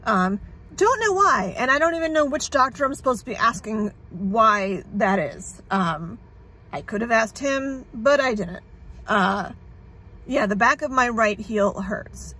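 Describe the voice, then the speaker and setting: A woman's voice: a little high, pushed and bright, a little hiss or hum. A woman talking candidly in a casual vlog, sarcastic and frazzled, rambling and swearing freely. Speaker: vlogger sharing her illness journey.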